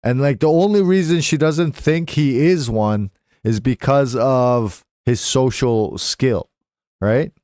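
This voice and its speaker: A man's voice: mid-range voice, takes it slowly, a little mellow, dry recording, clean studio sound. A young adult man telling stories casually on a live stream, swearing freely and slipping into voices when he quotes people.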